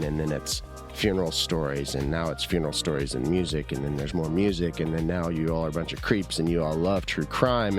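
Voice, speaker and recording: Deep-voiced man with a sore throat. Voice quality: husky from illness. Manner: rambling, chatty, self-deprecating. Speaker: podcast host. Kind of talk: casual solo podcast monologue.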